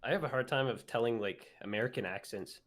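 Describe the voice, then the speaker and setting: A man chatting casually as a guest on a livestream, relaxed and hesitant, filling his talk with "like". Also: medium pitch, fast talker. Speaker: guest co-streamer. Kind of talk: casual chat.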